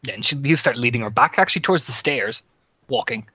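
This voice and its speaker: A man's voice: medium pitch, fast, pushed and bright, husky, no room sound. A man narrating as game master of a tabletop horror game, dramatic and imitating heartbeats. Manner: dramatic, mimics heartbeat sounds.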